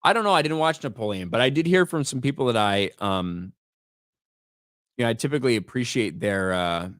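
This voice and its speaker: A man's voice: medium pitch, expressive, brisk, fairly bright tone, clean tone, no echo. A man hosting a live stream, talking in blunt, profane commentary and reading out names from his chat. He often stumbles and repeats words as he gets going. His voice sits in a middle range, and the recording is dry with no room sound. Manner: reads chat names and donations aloud. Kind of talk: casual livestream commentary.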